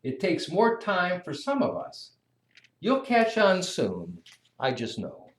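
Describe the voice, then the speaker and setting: A reader voicing a patient, kind farmer dad in a children's storybook read-aloud, speaking gently and reassuringly. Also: medium pitch, wildly swooping pitch, slow pace, pitched above the performer's own voice. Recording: echoey room.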